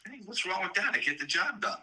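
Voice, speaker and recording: A man's voice: high voice, big pitch swings, quick pace, background noise. A man called on the phone by a coworker, bantering back in a playful, teasing way. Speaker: fellow meteorologist on the phone. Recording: phone call.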